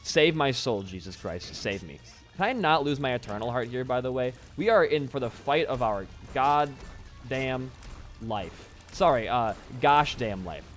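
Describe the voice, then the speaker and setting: Rambling young man with lively pitch. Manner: rambling, self-deprecating, swears freely. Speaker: gaming YouTuber. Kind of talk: casual gameplay commentary. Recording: faint background music.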